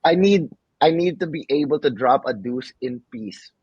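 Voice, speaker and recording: A man's voice: medium pitch, lively intonation, normal speed, husky, no echo, highs cut off. A young man co-hosting a podcast, telling funny stories in casual chat, slipping between English and Tagalog slang and laughing often. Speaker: podcast co-host.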